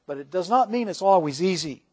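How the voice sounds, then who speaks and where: A man's voice: high voice, expressive, fairly quick, a little mellow. A man pastor delivering a sermon to his congregation, earnest, rising when he reads scripture. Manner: earnest preaching, swells for quoted scripture. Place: church sanctuary.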